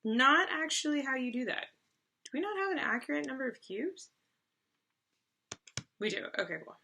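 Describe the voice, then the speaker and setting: A woman's voice: sits high, big pitch swings, moderate pace, gravelly, pushed and bright. A woman co-hosting a board game video, casually explaining the rules with lots of fillers and restarts. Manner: chatty, loose with fillers and restarts.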